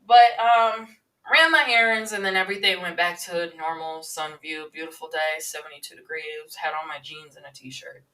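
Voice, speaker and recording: A woman's voice: sits low, normal speed, bright, forceful tone, distant mic, poor audio. A woman in her twenties hosting a casual celebrity-news podcast, rambling and chatty with lots of filler sounds. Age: 20s. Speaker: podcast host.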